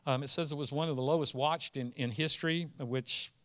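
A man preaching a sermon as pastor, moving between quiet storytelling and earnest, emphatic declarations. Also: a little high, fairly even intonation, a little fast.

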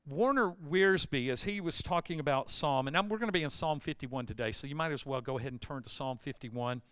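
Emphatic preaching man, smooth dry voice. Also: a little high, brisk, fairly bright tone, no echo. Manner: storytelling with rising emphatic bursts. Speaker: pastor. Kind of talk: sermon.

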